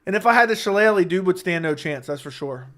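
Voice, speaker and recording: A man's voice: high-pitched, animated, quick pace, a bit bright. Brash, profane young man streaming late. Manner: brash, profane, joking banter with chat. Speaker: livestream host. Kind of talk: late-night casual livestream chat.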